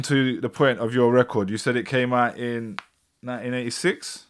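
A man's voice: medium pitch, fairly even intonation, moderate pace, clean tone. A man hosting a live stream, chatting casually and getting frustrated with tech glitches. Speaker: host.

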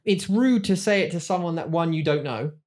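A man from England with an English accent, co-hosting a casual chat podcast, talking haltingly with many restarts. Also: a little high, darkish tone. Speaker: podcast co-host.

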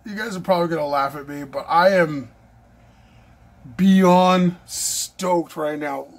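A man's voice: on the high side, takes it slowly, slight background noise. A man unboxing a knife for his vlog, gushing and breathless, repeating himself as he talks. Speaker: knife collector vlogger.

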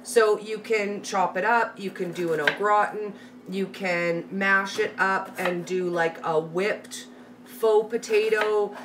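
A middle-aged woman with a Canadian accent hosts a live recipe tutorial from her kitchen, greeting viewers by name as she cooks. Her pitch sits in a middle range. She sounds slightly distant from the mic, with a faint hum of background noise. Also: fairly even intonation, takes it slowly. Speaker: live cooking host.

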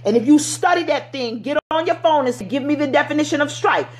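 High-voiced middle-aged woman preacher, fervent and exhorting, folksy vernacular delivery. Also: animated, fast, a little mellow. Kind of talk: sermon.

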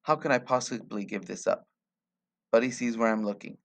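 A man reading a short story aloud in a quiet, measured way. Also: on the low side, creaky. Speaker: reader.

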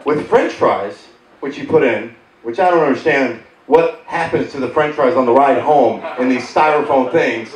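A man in his thirties doing a stand-up set on a theater stage, telling animated, sarcastic stories and acting out the people in them. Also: mid-range voice, normal speed. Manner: sarcastic, animated storytelling with voiced impressions. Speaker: stand-up comedian. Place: theater stage before a live audience. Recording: roomy theater sound from a distance, loud crowd laughter.

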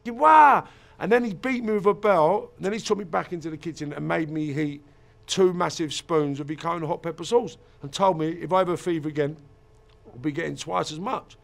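British man, gravelly, somewhat high voice, interviewee with a raw emotional delivery. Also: brisk. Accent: British English. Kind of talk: recounting his childhood.

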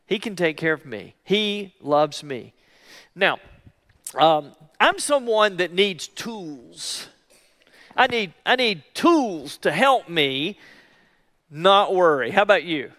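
A male pastor preaching a sermon in an emphatic way, repeating key phrases slowly for weight. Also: high voice, animated, fairly bright tone, long reverb tail. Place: church.

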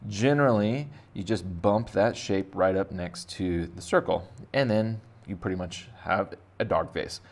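Deep-voiced man rambling through a drawing lesson. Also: measured pace, hardly any pauses. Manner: rambling, jokey, thinks aloud while drawing. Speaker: art teacher. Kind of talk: casual drawing lesson for kids.

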